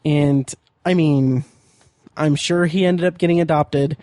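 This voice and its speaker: A man's voice: a little high, fairly even intonation, a little slow, dark tone, dry recording, studio quality. A man co-hosting a podcast, chatting casually, rambling and joking with lots of fillers and restarts. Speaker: podcast co-host.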